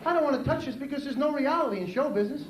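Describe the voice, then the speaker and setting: Recorded on a noisy old VHS tape in an echoey club, this New York stand-up with a New York accent mocks himself wryly and hits punchy punchlines before a live audience. His very high voice is animated and racing.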